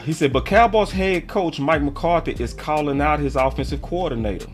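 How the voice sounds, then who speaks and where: A man's voice: fairly high pitch, moderate pace, soft background music. A man hosting a live sports stream, reacting to articles and clips in a heated, slangy rant. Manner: reads articles aloud on stream. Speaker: sports channel host.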